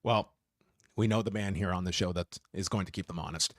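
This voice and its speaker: A man's voice: sits low, fairly even intonation, brisk, fairly bright tone, dry recording, clean studio sound. A man co-hosting a podcast, chatting casually with a wry, joking manner as he wraps up segments. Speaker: podcast co-host.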